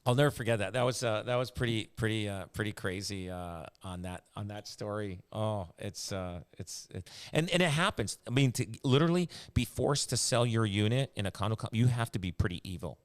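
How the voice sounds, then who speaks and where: A man's voice: lowish voice, lively intonation, a little fast, few pauses, clean tone. A man chatting casually as a podcast host, rambling with lots of fillers and restarts. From Canada. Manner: rambling, many fillers and restarts, laughs often. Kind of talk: casual chat.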